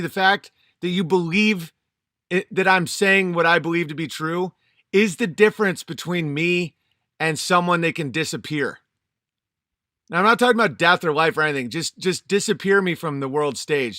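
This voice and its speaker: A man's voice: high-pitched, sharp tone, no echo, studio quality. A man in his thirties, a channel host, delivering an angry, profane and emphatic vlog monologue.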